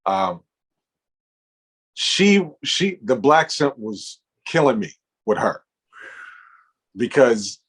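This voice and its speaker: A man's voice: medium pitch, sing-song, drawn-out words, long pauses, breathy edge. A man from Los Angeles, co-hosting a casual podcast, laid-back and hesitant as he searches for words. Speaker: podcast co-host.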